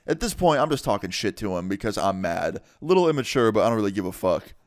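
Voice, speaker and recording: A man's voice: lowish voice, quick pace, no room sound, studio quality. Casual, swearing young man telling a story. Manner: casual, heavy swearing, animated retelling. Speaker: vlogger. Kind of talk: storytime vlog.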